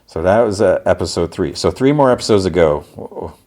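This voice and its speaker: A man's voice: low voice, animated, normal speed, a little mellow. A man hosting a podcast, retelling a TV episode in a rambling, casual way with lots of fillers. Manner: rambling, filler-heavy retelling with acted-out quotes. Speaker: podcast host.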